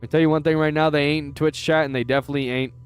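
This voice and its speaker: An American man giving live gameplay commentary as a streamer, chatty with his viewers and quick to swear. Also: fairly high pitch, fairly even intonation, smooth, faint music behind.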